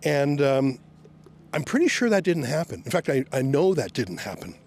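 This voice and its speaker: A man reporting on location outdoors, sarcastically shouting questions at police officers. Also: medium pitch, very animated, normal speed, vocal fry. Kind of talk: on-the-scene questioning.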